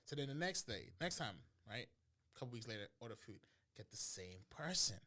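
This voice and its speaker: A man's voice: medium pitch, a little fast. Laid-back man telling a story. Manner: animated storyteller, acts out dialogue, breaks into laughter. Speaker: podcast co-host. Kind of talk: casual storytelling chat.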